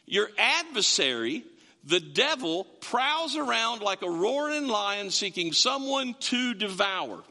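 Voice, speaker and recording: A man's voice: high voice, very animated, slow, sharp tone, big-room sound. A man preaching a sermon as pastor, in a conversational way, repeating words and asking the congregation questions, in a church sanctuary.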